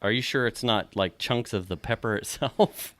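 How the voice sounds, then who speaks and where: A man's voice: lowish voice, normal speed, fairly bright tone, a little hiss or hum. A man co-hosting a podcast, talking casually and matter-of-factly, coughing between remarks. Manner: matter-of-fact, coughing and laughing through the heat. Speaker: podcast co-host. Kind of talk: casual chat.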